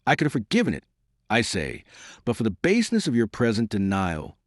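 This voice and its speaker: A man's voice: on the low side, wildly swooping pitch, fairly quick, dry recording, clean studio sound. A man voicing a grieving, scornful young noblewoman who speaks in an accusing, bitter way.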